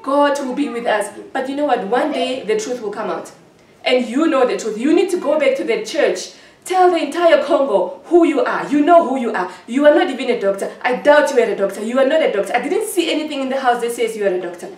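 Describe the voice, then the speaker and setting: A woman with a high voice speaks in a hurt, accusing way and keeps circling back to the same points. She is recorded from a distance in an echoey room. Her testimony is emotional and personal. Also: lively intonation, a little fast, a little mellow. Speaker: interviewee.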